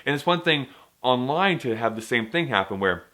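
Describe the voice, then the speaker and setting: A man's voice: medium pitch, lively intonation, moderate pace, bright, forceful tone. Joking, self-mocking young man vlogging. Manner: jokey, self-mocking, playful asides. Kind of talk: casual vlog chat. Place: indoors at home.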